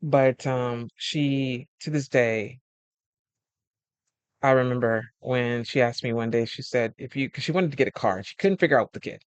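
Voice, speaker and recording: A man's voice: mid-range voice, moderate pace, clean tone, no echo. A man who is a life coach talking casually about friendship, telling stories and acting out the voices of friends, laughing often. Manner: animated storyteller acting out quoted friends. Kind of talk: casual advice monologue.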